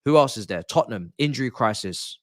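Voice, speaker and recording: A man's voice: mid-range voice, animated, brisk, no echo. A confident man talks football as a guest pundit, stressing his points and saying them twice for weight. His voice sits in an ordinary male middle range. It is recorded close and dry, with no room sound. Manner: confident, emphatic, repeats points. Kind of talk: casual podcast chat.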